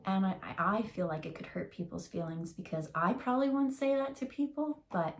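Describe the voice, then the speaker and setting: A woman giving a casual channeled tarot reading, rambling and emotional, with many fillers, and slowing down to stretch out key words. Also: mid-range voice, a little hiss or hum. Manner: rambling and emotional, full of likes and ums, slows to drag out key words. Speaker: tarot reader.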